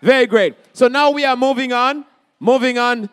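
High, smooth-voiced man emceeing. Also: normal speed. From Haiti. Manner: energetic, hypes up the crowd, calls out questions. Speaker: event emcee. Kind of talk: lively event hosting. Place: college campus event.

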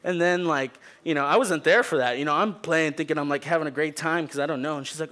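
A young pastor preaches a sermon in a voice on the high side, speaking quickly with few pauses. He tells a funny story in an animated, jokey way, acting out the people in it.

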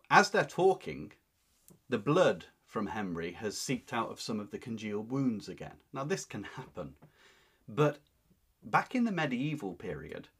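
A man walks through a classic play line by line, putting each passage into plain words with clear emphasis. His voice is husky and a little breathy, at an ordinary middle pitch. He sounds like a teacher giving a lesson. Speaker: literature teacher. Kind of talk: explanatory lesson.

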